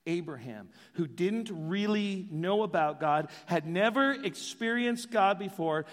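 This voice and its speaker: A man preaching a sermon as pastor, animated and joking in asides. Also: high-pitched, big-room sound.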